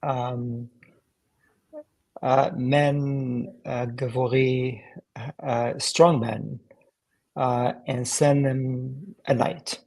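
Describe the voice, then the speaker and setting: Man, slow-paced, gravelly voice, hesitant translating, lots of ums. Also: mid-range voice, steady tone, darkish tone, low-quality recording. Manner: hesitant, many fillers while working out translation. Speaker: participant reading and translating the text. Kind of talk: live-streamed study discussion.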